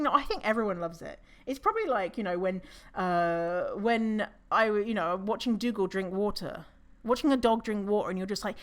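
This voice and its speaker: Woman rambling on her podcast, lively, laughs a lot, swears easy, middle pitch. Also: moderate pace. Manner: chatty and animated, laughs often, swears casually. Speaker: podcast host. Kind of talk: casual solo podcast monologue.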